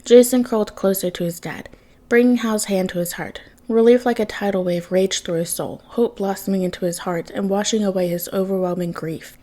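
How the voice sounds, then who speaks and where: A woman's voice: mid-range voice, fairly even intonation, brisk, warm tone. A woman reading fan fiction aloud, narrating with emotion. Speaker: podfic reader.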